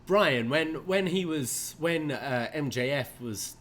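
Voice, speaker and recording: A man's voice: a little high, lively intonation, slow pace, fairly bright tone, a little hiss or hum. A man co-hosting a podcast in casual chat, hesitant, often stammering and restarting before he laughs. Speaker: podcast co-host.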